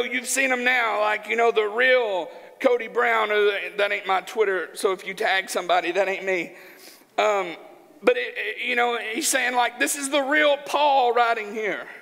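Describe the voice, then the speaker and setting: A man from Arkansas preaching a sermon in a church, joking in a folksy, animated way. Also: very high-pitched, moderate pace, gravelly. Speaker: pastor. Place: church sanctuary. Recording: church hall with long reverb.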